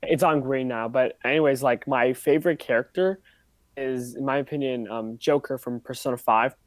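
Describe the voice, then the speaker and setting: A man's voice: medium pitch, fairly even intonation, normal speed, dry recording, rough recording. A man chatting on a podcast call, enthusiastic but full of fillers, through a mic that glitches. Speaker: podcast co-host. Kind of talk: casual chat.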